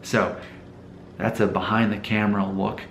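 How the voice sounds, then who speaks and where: A man's voice: lowish voice, little pitch movement, normal speed, creaky, a bit bright, roomy sound, slight background noise, poor audio. A man from Alabama with a mild Southern accent, talking casually to camera in a rambling vlog and asking his viewers rhetorical questions. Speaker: hair loss YouTuber.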